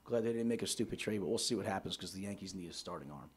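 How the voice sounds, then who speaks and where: A man's voice: low-pitched, rapid-fire, slightly rough. A man co-hosting a radio show, giving blunt, opinionated sports takes and swearing freely. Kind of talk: casual sports talk.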